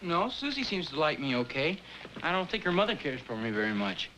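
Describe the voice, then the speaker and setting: An actor playing an earnest, polite young college son in a 1950s sitcom, a little flustered. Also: male voice, a little high, big pitch swings, fairly quick, pushed and bright, a little hiss or hum, rough recording. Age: young adult.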